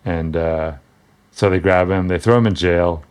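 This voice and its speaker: A man's voice: deep voice, fairly even intonation, measured pace, a little mellow, clear, resonant tone. A man casually talking through an old comic book, rambling and wry, with frequent restarts and asides.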